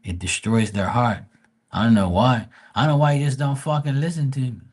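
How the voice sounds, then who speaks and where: A man's voice: medium pitch, steady tone, a little fast. Blunt, profane man giving advice. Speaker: live tarot reader. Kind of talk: casual livestream advice.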